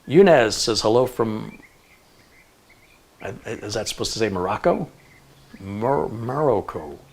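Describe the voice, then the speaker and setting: A man's voice: lowish voice, lively intonation, a little slow, vocal fry, darkish tone. A middle-aged man hosting a tech livestream, reading out where viewers are from and tossing in jokey asides. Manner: chatty, jokey asides while reading a list. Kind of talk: casual livestream chat, reading viewer locations.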